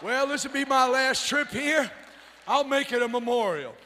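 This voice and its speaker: A man preaching a fiery revival sermon, shouting and whooping in a folksy, rousing way. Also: very high-pitched, expressive, normal speed, a faint crowd, slight background noise. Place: church sanctuary.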